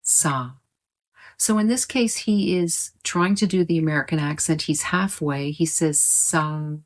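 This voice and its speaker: A woman teaching a pronunciation lesson online, explaining sounds clearly and slowly demonstrating words. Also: sits low.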